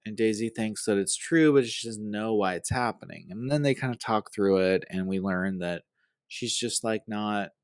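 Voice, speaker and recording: A man's voice: on the low side, moderate pace, clear, resonant tone, no room sound. A male podcast host giving a casual, earnest, rambling recap of a reality show episode.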